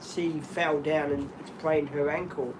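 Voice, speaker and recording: A middle-aged Australian man rambling through animated stories in casual chat, often laughing. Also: on the high side, slow pace, background noise.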